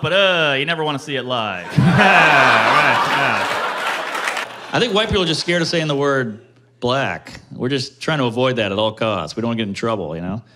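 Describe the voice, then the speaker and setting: A man performing a stand-up comedy set, with punchy joke delivery that jumps into high-pitched character voices. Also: very noisy.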